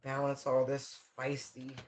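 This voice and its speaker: A man's voice: medium pitch, completely flat delivery, unhurried, slight background noise. Slangy man reading tarot cards. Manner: loose, slangy, rambling talk with many fillers. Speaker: tarot reader. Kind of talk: casual channeled tarot reading.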